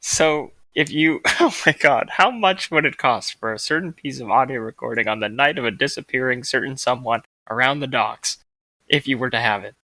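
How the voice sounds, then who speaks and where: Guy player, bright tense voice, stumbles over his questions, dry sound. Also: medium pitch, moderate pace, no room sound, low-quality recording. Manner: hesitant, flustered questioning. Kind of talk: in-character tabletop play.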